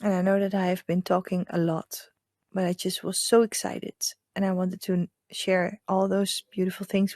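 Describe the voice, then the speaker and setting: A woman with a Dutch accent, a hypnotherapist guiding a group through a calm, slow meditation. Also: no echo, clean studio sound. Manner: soft, lowered hypnotic voice in the guided part; chatty, warm welcoming with many fillers. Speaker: hypnotherapist leading a group session. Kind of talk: casual chat, then slow guided meditation.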